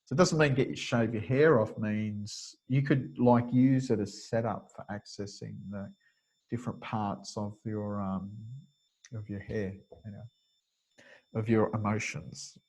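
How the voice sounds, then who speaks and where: A man's voice: lowish voice, fairly even intonation, measured pace, darkish tone. A middle-aged man giving an informal webinar lecture, rambling and digressive, with many restarts and chuckles. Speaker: webinar presenter.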